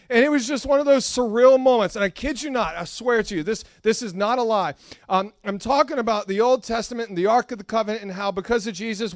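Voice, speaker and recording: Man, preacher, high-pitched, dry recording, animated self-mocking stories, sermon in church. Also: no echo. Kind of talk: storytelling sermon. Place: church hall.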